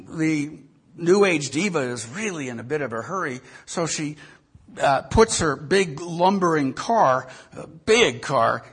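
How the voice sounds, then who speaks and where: A man's voice: on the high side, a bit bright, slightly rough. A male pastor giving a sermon, telling a story with animation and often repeating words.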